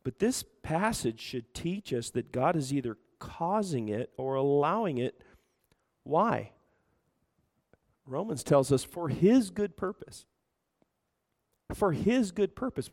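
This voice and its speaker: A man's voice: on the high side, expressive, unhurried, darkish tone. A man preaching a sermon as pastor, asking the room rhetorical questions and acting out quoted voices. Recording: reverberant hall.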